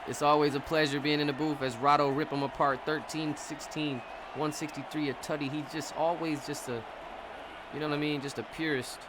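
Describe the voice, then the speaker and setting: Young guy hyping up a football sim stream, kinda high voice, laughs a lot, yells at plays, noisy background. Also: fairly quick. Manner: excitable, laughing, shouts at big plays. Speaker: commentator for a simulated football game. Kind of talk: casual live stream commentary.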